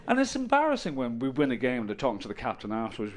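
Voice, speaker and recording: An Irish man in his fifties works through a stand-up set, his voice bouncing up and down with lively pitch. He rambles wryly from one story to the next and tosses in playful asides. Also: very fast, hardly any pauses. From Ireland. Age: 50s. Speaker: stand-up comedian. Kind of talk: stand-up routine.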